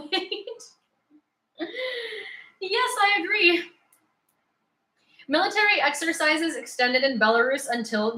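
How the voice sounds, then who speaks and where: A woman gives a casual news rundown in a slightly high voice, blunt and sarcastic, breaking into laughter. The room around her is noticeably echoey. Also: pushed and bright. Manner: opinionated, sarcastic, laughs often. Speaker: news summary host. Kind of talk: casual live news commentary.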